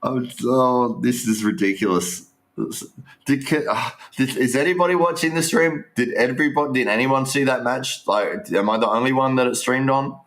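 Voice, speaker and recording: A man's voice: medium pitch, normal speed, fairly bright tone. A man giving casual, rambling live stream commentary, restarting sentences and talking straight to his viewers.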